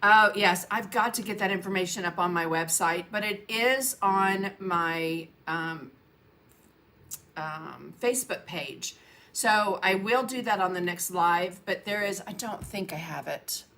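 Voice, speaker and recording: A woman's voice: mid-range voice, measured pace, sharp tone. A woman painting teacher chatting casually on her livestream, greeting viewers by name and laughing often. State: coughing, frog in her throat. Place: home painting studio.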